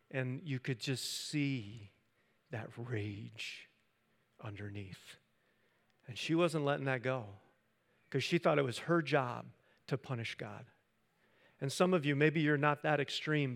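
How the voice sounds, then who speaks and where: A middle-aged male pastor giving a conversational sermon, telling stories with frequent restarts and dropping to a hush at the dramatic moments. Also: medium pitch.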